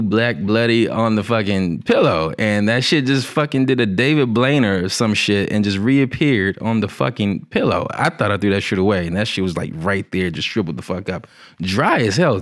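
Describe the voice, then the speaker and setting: Low-voiced man telling a profane story. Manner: profane, animated, laughing asides. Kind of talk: casual comedic storytelling.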